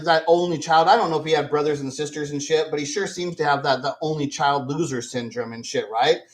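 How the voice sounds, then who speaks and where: A man's voice: high voice, poor audio. Profane, ranting male commentator. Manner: profane, scornful, rambling. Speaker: commentary channel host.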